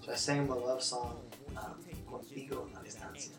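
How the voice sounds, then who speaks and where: A man co-hosting a show, telling a lively story in casual chat and acting out the other people's lines. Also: medium pitch, a little fast, vocal fry. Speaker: show co-host. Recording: roomy, distant mic, music behind.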